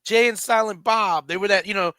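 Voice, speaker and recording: A man co-hosting a comedy talk radio show, talking in an animated way with stammering restarts and laughter. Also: high-pitched, fairly quick, clear, resonant tone. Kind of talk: casual comedy radio banter.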